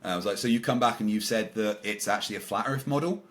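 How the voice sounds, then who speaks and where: A podcast guest with a lowish, fairly bright voice and a quick pace casually retells a confrontation during an interview. He acts out the dialogue with quoted lines, full of ums and restarts.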